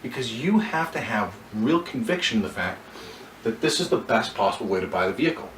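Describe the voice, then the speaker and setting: A man's voice: fairly low pitch, sing-song, brisk, fairly bright tone. A man coaching car salespeople, acting out short bits of dialogue and often restarting his sentences. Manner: coaching, role-plays dialogue, frequent restarts. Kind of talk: sales training talk. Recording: echoey room from far off, faint background noise.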